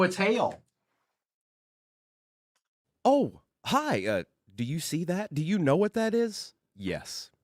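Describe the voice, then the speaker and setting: A man's voice: on the high side, fairly bright tone. A man from Virginia hosting a live card break stream, rattling off player names and chatting with viewers between pulls.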